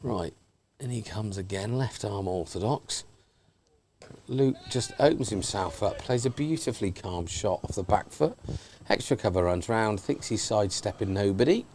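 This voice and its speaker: A man's voice: fairly low pitch, animated, moderate pace. An English man doing casual, banter-filled live cricket commentary outdoors at a ground. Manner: chatty, banter-filled, shouts out to people. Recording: faint background noise.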